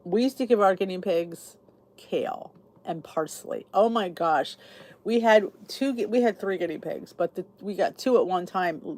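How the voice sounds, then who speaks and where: A woman's voice: mid-range voice, darkish tone. Chatty woman hosting a live chat. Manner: chatty, reads out viewer comments. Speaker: YouTube channel host. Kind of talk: casual live chat with viewers.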